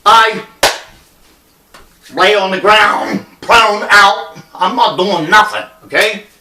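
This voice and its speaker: A man's voice: sits high, takes it slowly, bright, forceful tone. A middle-aged man telling a personal story in a blunt, rambling, profane way. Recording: echoey room, distant mic.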